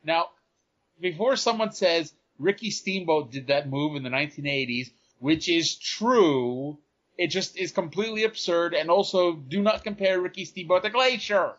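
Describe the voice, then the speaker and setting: A man's voice: on the high side, lively intonation, normal speed, fairly bright tone, highs cut off. A man co-hosting a podcast, chatting casually and dropping dry, sarcastic asides. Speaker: podcast co-host. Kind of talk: casual wrestling recap chat.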